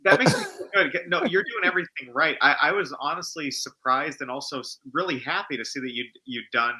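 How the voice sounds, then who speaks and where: A man being interviewed on a podcast, speaking in a halting, hesitant way. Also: fairly high pitch, sharp tone, rough recording. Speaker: interview guest. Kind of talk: casual interview chat.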